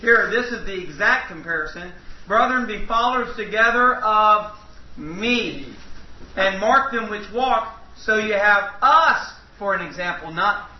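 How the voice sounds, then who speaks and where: A man's voice: high voice, lively intonation, a little slow. A man teaching a Bible study to a small group in a folksy, emphatic way, joking with his listeners. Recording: echoey room, distant mic, dull lo-fi.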